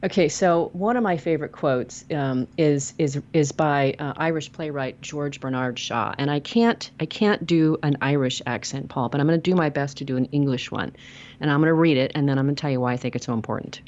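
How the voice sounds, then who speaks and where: Brief: earnest woman interview guest, deep voice, emphatic, dull lo-fi audio. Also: brisk, darkish tone. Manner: earnest, emphatic, repeats words when starting a sentence. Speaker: podcast guest, author; radio show host and logotherapist. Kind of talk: casual interview chat.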